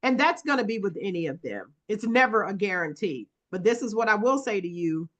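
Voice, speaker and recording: A woman hosting an online applicant support call, talking in a lively, folksy way that urges listeners on. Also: mid-range voice, a little fast. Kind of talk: casual encouraging video call. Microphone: video call.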